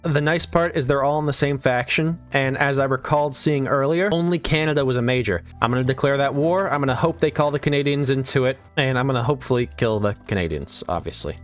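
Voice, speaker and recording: A man's voice: mid-range voice, fast, hardly any pauses, faint music behind. A young man giving sarcastic, irreverent commentary over a strategy game playthrough. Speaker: gaming video creator.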